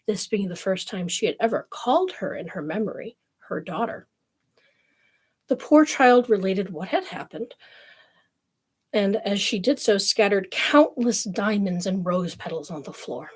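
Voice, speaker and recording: A woman's voice: mid-range voice, lively intonation, measured pace, husky. A woman streamer reading fairy tales aloud, breaking off for wry, snarky commentary. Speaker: storyteller streamer.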